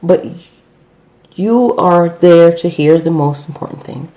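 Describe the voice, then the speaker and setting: Slowly and in a lowish, dark voice, a middle-aged business owner talks through customer service without a script. She stumbles with frequent fillers and corrects herself as she goes.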